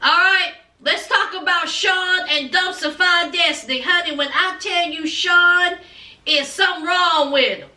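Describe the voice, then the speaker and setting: Sassy woman, very high voice, slow delivery, dramatic reality-show recap, echoey room, mic at a distance. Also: pushed and bright. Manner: sassy, dramatic, addresses viewers directly.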